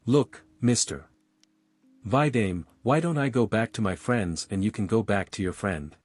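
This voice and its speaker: A man voicing a wary, flustered young woman who answers with nervous, quick retorts. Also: fairly low pitch, darkish tone, dry recording, soft background music.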